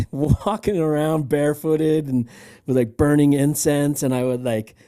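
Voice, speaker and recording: A man's voice: on the high side, fairly even intonation, measured pace, mellow. A man co-hosting a casual podcast chat, rambling with frequent laughs and restarts. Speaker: podcast co-host.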